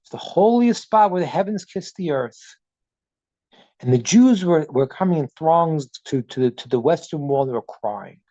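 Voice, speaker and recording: A man's voice: on the high side, animated, moderate pace, mellow, dry recording, muffled recording. A man teaching as a rabbi over a video call, earnest, repeating words as he builds a point and retelling stories with dialogue. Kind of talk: Zoom teaching talk.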